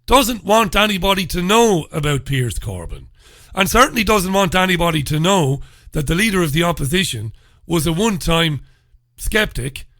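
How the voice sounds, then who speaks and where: A man's voice: fairly high pitch, sharp tone, dry recording, clean studio sound. Sarcastic Irish man ranting on radio. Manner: sarcastic, ranting, mock questions. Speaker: radio host. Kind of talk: solo talk radio commentary.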